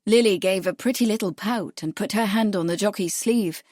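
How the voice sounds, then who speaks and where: In clean, dry studio sound, a mid-range female voice reads scripted narration for a cozy mystery audiobook. Her delivery is even and measured, the steady pace of a storyteller.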